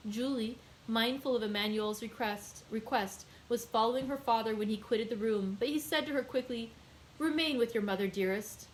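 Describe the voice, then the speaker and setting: A woman librarian hosting a daily read-aloud, reading a classic novel in a clear, measured storytelling voice. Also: a little high, slight background noise, low-quality recording.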